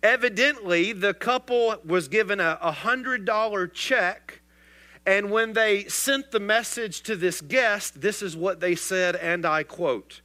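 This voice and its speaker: A man's voice: high-pitched, slow, bright, forceful tone. A man preaching a sermon, asking rhetorical questions of the congregation and telling examples with dry humor. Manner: rhetorical call-and-response preaching. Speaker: pastor.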